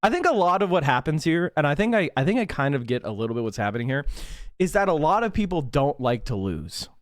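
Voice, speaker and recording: A man on a livestream rants with angry, profane emphasis. His voice sits high for a man and swings widely up and down as he hammers each point. The sound is close and dry, with no room around it. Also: big pitch swings, fast talker, no room sound. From Pennsylvania. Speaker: political livestream host. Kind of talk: heated livestream rant.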